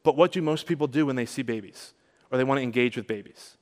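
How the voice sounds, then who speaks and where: Man preaching earnestly, swings between emphatic and hushed, mid pitch, hall reverb. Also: quick pace. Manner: earnest preaching, rising to emphatic peaks and dropping soft. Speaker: pastor. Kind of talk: sermon.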